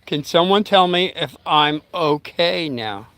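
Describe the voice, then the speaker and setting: Speaking slowly and expressively, an older vlogger rambles through a story for his livestream chat, breaking off now and then to address his dog. His fairly high, slightly bright voice is recorded dry.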